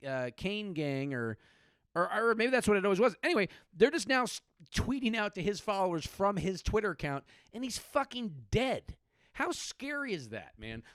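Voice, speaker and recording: A man's voice: a little high, clean tone, dry recording, clean studio sound. A man from California doing a comedic podcast monologue, rambling and sardonic, with lots of swearing. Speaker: podcast host.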